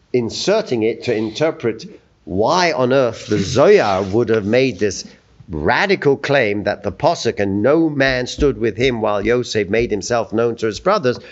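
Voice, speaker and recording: A man teaching a Torah text in a study discussion, telling stories with animated acted-out voices. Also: lowish voice. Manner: animated storytelling, acts out quoted voices. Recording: dull lo-fi recording.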